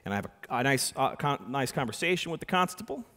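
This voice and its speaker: A man in his thirties tells a story from the keynote stage, his voice sitting at an ordinary middle pitch. He is animated, dropping to a hush and then rising to near-shouting as he acts out the voices in the tale. A long hall reverb trails behind every word. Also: fast. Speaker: keynote speaker and magician. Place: large conference hall.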